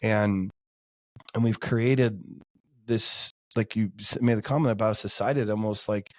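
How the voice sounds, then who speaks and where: A man's voice: on the low side, fairly even intonation, normal speed, dry recording, studio quality. A man in his forties, a podcast guest, talking in an earnest, heartfelt way with lots of casual fillers. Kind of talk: casual interview chat.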